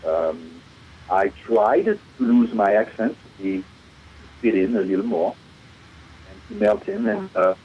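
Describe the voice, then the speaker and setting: A man's voice: fairly low pitch, measured pace, long pauses, slightly rough. A middle-aged man from France with a French accent, a guest musician talking in a casual radio interview, hesitant, with many fillers and restarts. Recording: dull lo-fi radio recording.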